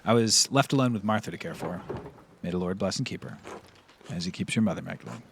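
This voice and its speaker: Guy reading as an old grieving dad, sad and gentle, lowish voice, faint hiss behind. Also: fast, vocal fry. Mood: wistful. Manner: read aloud from on-screen game text.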